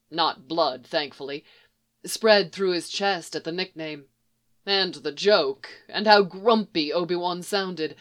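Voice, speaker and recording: A narrator reading a story aloud in a soft, measured way. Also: medium pitch. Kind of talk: audiobook reading of fan fiction.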